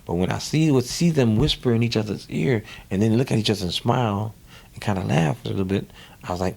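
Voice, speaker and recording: A man with a New Orleans accent speaks in a very deep, gravelly voice. He tells his story with energy, often repeating words, and briefly slips into the voices of the people he quotes. This is a relaxed interview-style conversation. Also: fast. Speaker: guest musician.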